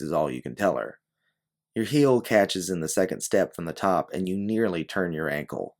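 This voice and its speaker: Male audiobook narrator, very deep, gravelly, animated delivery. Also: normal speed. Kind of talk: scripted second-person narration.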